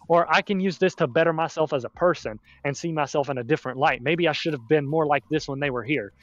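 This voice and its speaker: A man's voice: on the high side, fast talker, few pauses, fairly bright tone, no echo. Reflective man with dull, dry sound. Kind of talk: casual podcast chat.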